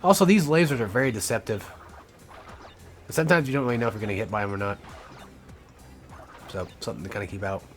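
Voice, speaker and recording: A man's voice: lowish voice, fast, pauses often, soft background music. Crude joking man narrating gameplay. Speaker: let's play host. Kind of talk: casual gameplay commentary.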